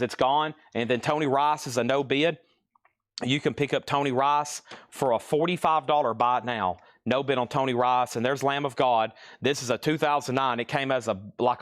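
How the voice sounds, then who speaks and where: A man at mid pitch hosts a live vinyl sale, calling bids and prices in quick succession. He sounds a little out of breath, and his voice is close and dry with no room sound around it. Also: a bit bright, no echo. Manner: brisk, rattles off titles and prices. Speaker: host selling vinyl records live.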